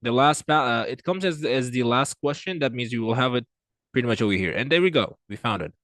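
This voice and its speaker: A man's voice: lively intonation, fairly quick, dry recording. Man tutoring, dry close sound. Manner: talks through answers with frequent fillers and restarts, pitch and loudness swinging. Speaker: IELTS tutor. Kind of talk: screen-recorded reading lesson.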